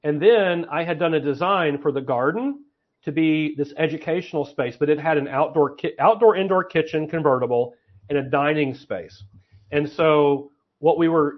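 Man thinking aloud on muffled audio. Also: a little high. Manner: thinks aloud with fillers and restarts while laying out plans. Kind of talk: casual podcast conversation.

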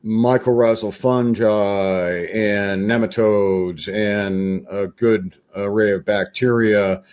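A man as a podcast guest, explaining his approach in a measured, conversational way. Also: lowish voice, lo-fi sound.

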